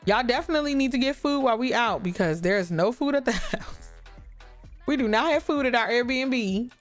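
A woman giving lively, chatty commentary on a life-sim game, talking to her viewers. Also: a little high, normal speed, soft background music. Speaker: gaming YouTuber. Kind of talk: casual gameplay commentary.

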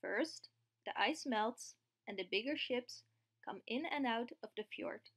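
A woman's voice: fairly high pitch, expressive, unhurried. A woman reading aloud as a friendly young man who explains things patiently.

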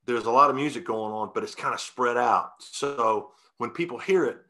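Man, folksy storyteller, rambling interview talk, mid-pitched voice. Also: normal speed, sharp tone. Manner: rambling, folksy, many restarts and fillers. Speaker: guest singer-songwriter.

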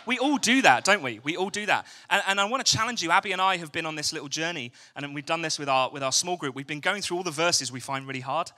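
A man's voice: on the high side, fast talker, hardly any pauses, pushed and bright. A young English man preaching a chatty evening church sermon, joking and asking the congregation questions. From England. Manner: chatty, jokey, asks the crowd questions. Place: church hall.

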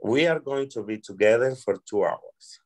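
A man's voice: mid-range voice, expressive, moderate pace. A man from Colombia with a Colombian Spanish accent, a restaurant server answering interview questions earnestly and acting out exchanges with guests.

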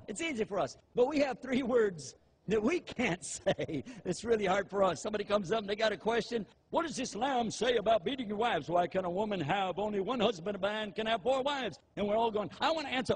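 An older man giving a religious lecture, animated and humorous, often mimicking eager people in a raised voice. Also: sits high, slight background noise. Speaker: Muslim preacher. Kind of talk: lecture with acted-out asides.

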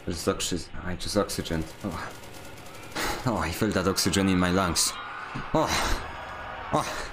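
A man's voice: low-pitched, a little slow, long pauses, music in the background. A young man streaming a game, rambling and joking about himself as he plays, with frequent laughs. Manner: joking, rambling and self-mocking, laughs often. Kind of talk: casual gaming stream commentary.

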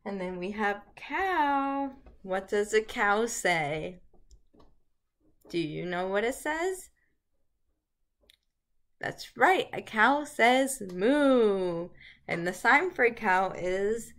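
A woman hosting a children's lesson video, talking gently to small children and making sing-song animal noises. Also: mid-range voice. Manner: slow, bright voice, sing-song animal noises for little ones. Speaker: early childhood teacher.

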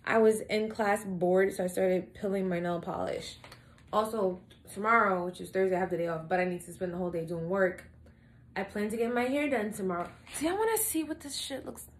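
A woman's voice: mid-range voice, brisk. Candid young woman vlogging in an echoey room. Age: young adult. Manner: candid, blunt and swearing; animated storytelling, acting out her own quotes. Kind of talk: casual confessional vlog. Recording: echoey room with faint ambient noise.

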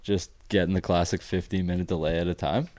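Laid-back young man with a deep voice. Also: steady tone, fast talker, a little mellow, a little hiss or hum. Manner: laid-back storytelling, laughs often. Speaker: podcast co-host, pro soccer player. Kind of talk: casual podcast chat.

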